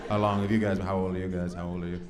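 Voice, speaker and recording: A man's voice: low voice, level tone, very fast. A male stand-up comedian doing crowd work in a club, brash and profane as he needles audience members. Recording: echoey club with loud crowd and noise.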